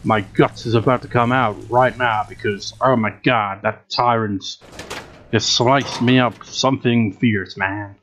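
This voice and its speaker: A man's voice: medium pitch, fairly even intonation, a little slow, a bit bright, a little hiss or hum. A young man giving exasperated, sarcastic commentary on a game he is playing at home, swearing often. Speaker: let's play gamer. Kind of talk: gameplay commentary. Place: home room with a cat. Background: game music.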